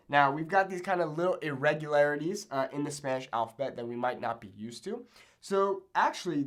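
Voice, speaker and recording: A young man teaching a Spanish pronunciation lesson at a board, upbeat, repeating words slowly and checking in with "okay?" after each one. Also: a little high, a bit bright. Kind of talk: whiteboard language lesson. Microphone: camera in a classroom-style setup at a board.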